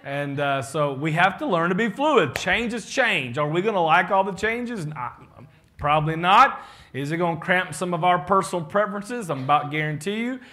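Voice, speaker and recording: A man's voice: sits high, expressive, normal speed, pushed and bright. A man, a pastor giving a casual, joking leadership talk to his congregation and acting out the people he quotes.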